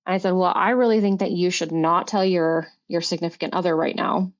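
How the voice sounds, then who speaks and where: A middle-aged woman, a podcast guest, telling a personal story in an earnest, halting way with many restarts and fillers. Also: fairly low pitch, fairly even intonation. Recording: dull lo-fi recording.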